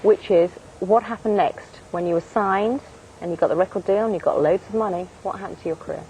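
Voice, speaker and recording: A woman presenting a breakfast TV interview, asking brisk, leading questions. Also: mid-range voice, mellow, slight background noise, low-quality recording. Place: TV studio.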